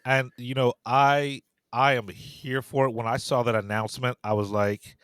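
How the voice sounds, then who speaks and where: A man co-hosting a casual film podcast, relaxed and agreeable, swearing and tripping over his words. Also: medium pitch, moderate pace, clean tone, dry recording. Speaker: podcast co-host.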